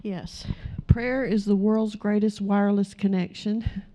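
Earnest woman preaching with a mellow voice. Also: medium pitch, steady tone, measured pace. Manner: earnest, exhorting, acts out quoted prayers. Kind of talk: sermon.

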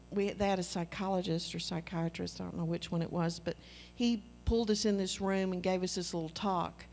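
A woman's voice: mid-range voice, slight background noise. A woman, preaching a sermon in an earnest, conversational way and telling personal stories.

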